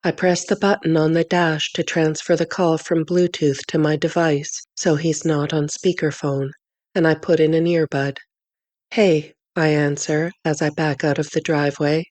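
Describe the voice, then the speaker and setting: A woman narrating a first-person novel in an audiobook, with measured, clear storytelling on a close studio mic. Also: low-pitched, level tone, darkish tone, no echo.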